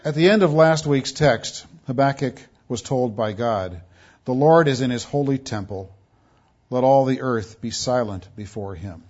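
Man preaching a measured, emphatic sermon. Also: mid-range voice, a little mellow, lo-fi sound. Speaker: pastor.

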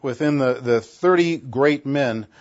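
A man's voice: medium pitch, unhurried. A man teaching a Bible passage in a conversational sermon, often restarting and correcting himself. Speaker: pastor. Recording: dull lo-fi sound.

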